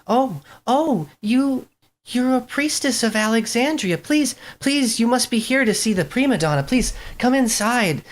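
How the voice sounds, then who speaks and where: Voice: medium pitch, animated, measured pace, pitched above the performer's own voice, natural voice. A game master voicing a timid, fussing female nursemaid who stammers and pleads. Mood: flustered.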